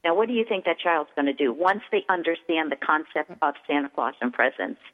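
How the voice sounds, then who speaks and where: A middle-aged woman, a toy store owner and guest on a radio show, explaining things in an animated way and acting out examples. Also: deep voice, fairly quick. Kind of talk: radio interview. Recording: tinny phone line with long reverb.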